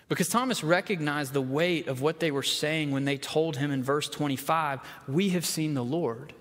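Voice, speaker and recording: Man preaching in a reverberant church. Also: fairly high pitch. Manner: conversational, acts out quoted voices. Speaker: pastor. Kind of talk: sermon. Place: church sanctuary.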